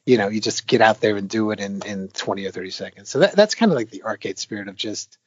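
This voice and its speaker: This interview guest, an arcade game designer, talks fast in a lowish voice with a breathy edge. The recording has no echo and its highs are cut off. He speaks casually and at length, rambling with many fillers and restarts, and becomes animated when retelling stories.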